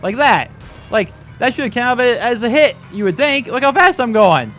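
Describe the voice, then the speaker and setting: A man's voice: very high voice, big pitch swings, normal speed, a bit bright, faint music behind. A man giving rambling, chatty commentary while playing a game, often exclaiming at it as he goes. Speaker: gaming channel host. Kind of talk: casual let's-play commentary.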